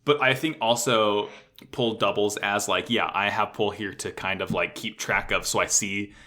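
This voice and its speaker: A man co-hosting a casual anime recap podcast, swearing freely and getting excited as he retells scenes. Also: fairly low pitch, moderate pace. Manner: profane, excitable, voices characters loosely. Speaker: podcast co-host.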